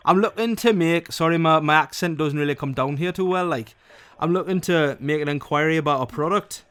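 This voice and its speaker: A man's voice: a little high, fairly quick, fairly bright tone, clear, resonant tone, natural voice. A man voicing a cheerful male plasterer on a prank phone call, with a put-on Geordie accent that keeps slipping. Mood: chummy. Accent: put-on Geordie drifting toward Liverpool.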